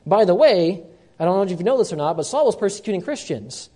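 Guy preaching a sermon, kinda high voice but mellow, repeats stuff for emphasis, goes loud then quiet. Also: lively intonation, fairly quick. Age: young adult or middle-aged, a parent. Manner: emphatic preaching, repeats key lines, swings loud and soft. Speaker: pastor.

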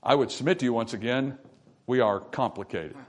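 A man preaching a sermon to his congregation, swinging between quiet, intimate stretches and loud, emphatic ones. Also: medium pitch, fairly quick. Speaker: pastor. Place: church sanctuary.

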